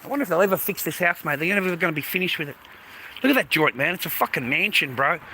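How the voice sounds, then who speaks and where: The audio quality is poor as an Australian man talks quickly in a fairly high, pushed and bright voice. Livestreaming on a street with traffic going by, he rambles to viewers, swears heavily and calls them "mate."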